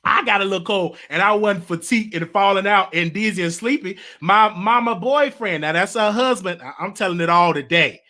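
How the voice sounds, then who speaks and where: A man hosting a casual monologue, animated, stammering and repeating himself. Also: sits high, brisk, hardly any pauses. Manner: animated, repetitive, stammering restarts. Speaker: show host.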